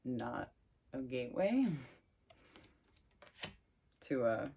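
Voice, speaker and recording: A woman giving a casual tarot reading, chatty and excitable as she thinks aloud over the cards. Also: rumbling low, drawn-out words, vocal fry, slight background noise. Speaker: tarot reader.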